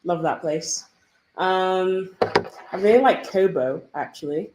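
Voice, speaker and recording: A woman's voice: fairly low pitch, takes it slowly, background noise. A young woman with an English accent, a podcast guest chatting casually and laughing often as she tells stories. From England. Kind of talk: casual interview chat. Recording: roomy echo.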